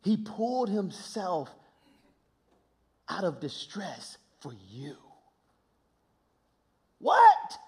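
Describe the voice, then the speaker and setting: A man with a very high voice preaches a sermon. He drops to hushed, near-whispered lines, then rises to loud, impassioned shouting, and he often repeats words and restarts phrases as he builds. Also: big pitch swings, slow pace, long pauses.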